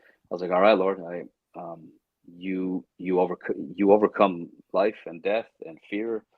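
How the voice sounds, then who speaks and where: Low-voiced man telling a lively story. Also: measured pace, no room sound, phone-quality sound. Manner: animated, acts out his own inner voice and others' lines; frequent restarts and stammers when excited. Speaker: actor guest. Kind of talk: storytelling in a chat interview.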